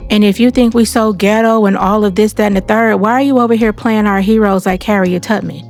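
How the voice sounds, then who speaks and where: Animated woman telling a story. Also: mid-range voice, fairly quick, faint music behind. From United States. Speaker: commentary video host. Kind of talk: casual commentary.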